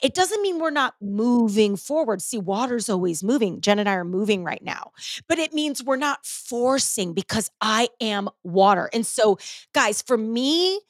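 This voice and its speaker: A woman's voice: a little high, lively intonation, a little slow, no room sound. A middle-aged woman hosting a podcast, chatting casually and animatedly, swearing freely and acting out her own past panic. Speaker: podcast host.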